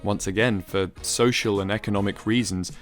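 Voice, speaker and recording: A man giving a measured, explanatory, scripted narration for a video essay. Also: fairly low pitch, fairly even intonation, soft background music.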